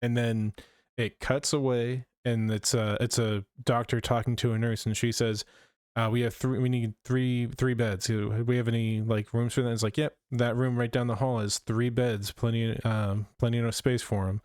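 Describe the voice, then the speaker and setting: A man's voice: mid-range voice, little pitch movement, moderate pace, darkish tone, clear, resonant tone, dry recording, studio quality. A man co-hosting a podcast, casually recounting a plot with hesitant fillers and acted-out quotes. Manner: hesitant, acts out quoted lines. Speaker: podcast co-host. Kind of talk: casual chat.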